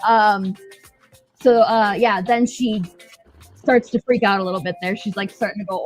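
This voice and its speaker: A woman's voice: a little high, measured pace, soft background music, low-quality recording. A woman co-hosting a podcast, recapping a show in casual, blunt, profane, joking chat. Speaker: podcast co-host.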